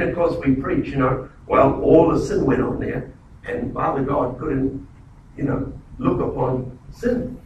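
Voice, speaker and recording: A high-pitched male pastor delivers an emphatic sermon, stumbling and repeating himself as he presses his points. His voice rings around a very echoey hall, picked up from some distance away, with a faint hum of room noise behind him. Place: church.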